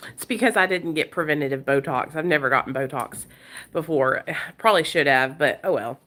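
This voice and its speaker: A woman's voice: sits low, moderate pace, pauses often, fairly bright tone. A woman in her forties hosting a casual live stream, who speaks bluntly and swears freely, and keeps breaking off to coax her dogs in a sing-song voice. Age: 40s. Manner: blunt and profane, talking straight to viewers. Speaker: livestream host.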